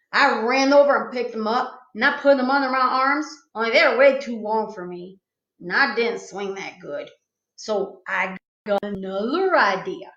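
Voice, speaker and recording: A woman reading a children's book aloud with a playful storytelling manner. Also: on the high side. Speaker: storytime reader. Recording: echoey room, slightly dull sound.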